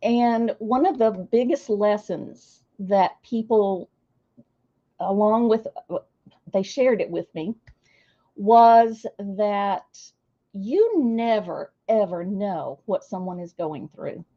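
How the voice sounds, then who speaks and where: Older woman, slow gushing chat, muffled lo-fi sound. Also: mid-range voice. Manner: warm, emotional, gushing. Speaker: streamer hosting a celebration. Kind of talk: casual chat to viewers.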